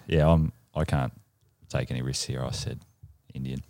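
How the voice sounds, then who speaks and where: A man's voice: rumbling low, fairly even intonation, normal speed, creaky, mellow, dry recording. A man answering quiz questions, hesitant and stammering. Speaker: quiz contestant. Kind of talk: casual podcast chat.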